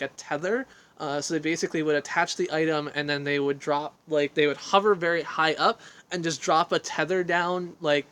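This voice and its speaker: A man's voice: on the high side, fairly bright tone, clear, resonant tone. Rambling man chatting on a selfie stick. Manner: rambling, self-deprecating, reads and answers chat aloud. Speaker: livestream host answering viewer questions. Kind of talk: casual livestream chat. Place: outdoor deck of a house. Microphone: phone on a selfie stick.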